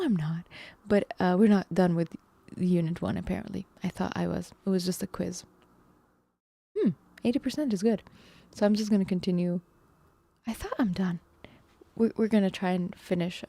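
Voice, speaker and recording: A woman's voice: lowish voice, vocal fry, mellow, dry recording. A woman livestreamer chatting casually while reacting to a math video, thinking aloud with fillers and little laughs.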